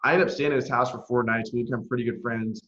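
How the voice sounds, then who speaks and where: Brief: young adult male guest, lively storyteller who swears freely, mid pitch, lo-fi sound. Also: fast, roomy sound. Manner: animated, profane, acts out quotes. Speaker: podcast guest. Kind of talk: casual storytelling in conversation.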